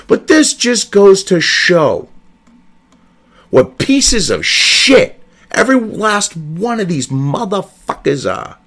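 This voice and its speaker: A man's voice: sits high, very animated, slow pace, fairly bright tone. A man delivering angry, profane commentary, hurling heated insults. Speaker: online news commentator.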